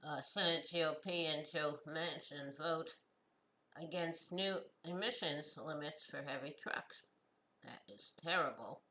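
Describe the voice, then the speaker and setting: A woman hosting her own show, reading news headlines and adding short comments, slow and halting with many fillers and restarts. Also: deep voice, pushed and bright, poor audio. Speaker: host.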